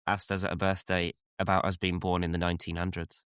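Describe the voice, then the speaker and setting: Deep, smooth-voiced man chiming in. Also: level tone, quick pace, a bit bright, no echo, studio quality. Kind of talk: casual chat.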